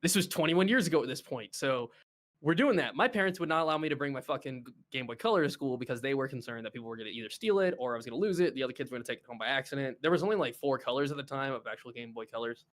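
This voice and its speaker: A man in his twenties, a podcast co-host telling a story in casual chat with animated, profane delivery. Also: medium pitch, rapid-fire.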